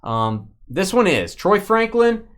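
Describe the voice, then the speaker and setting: A man's voice: high-pitched, big pitch swings, takes it slowly. A man hosting a live-stream sports card break, calling out cards and teasing his crew in joking banter.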